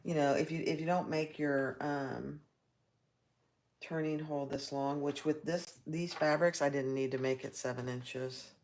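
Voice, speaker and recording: A deep, steady, darkish woman's voice moves a little slowly. She hosts a live sewing tutorial, chatting with viewers, reading their comments, and reacting aloud as she sews.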